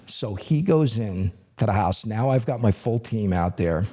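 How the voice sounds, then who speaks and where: A middle-aged man, a retired federal agent, telling a story in an animated, conversational way as a guest. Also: on the low side, a little slow, hardly any pauses. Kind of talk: storytelling in a podcast interview.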